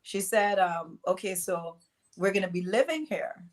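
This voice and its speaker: A middle-aged woman from East London with a mixed Barbadian and London accent, telling her story as an interview guest, animated and acting out quotes. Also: mid-range voice, a little slow. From East London, England. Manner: animated, acts out quotes, many fillers.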